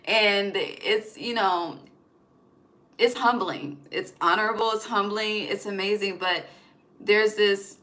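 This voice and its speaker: Young woman reading tarot cards casually, loose and profane, with a bright, forward voice. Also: mid-range voice, slow pace. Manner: chatty, profane, laughs often, sings snatches of songs. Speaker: tarot reader.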